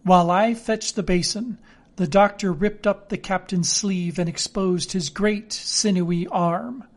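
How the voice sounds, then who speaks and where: A man reading a classic novel aloud as narrator, in measured storytelling. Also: sits high. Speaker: audiobook reader.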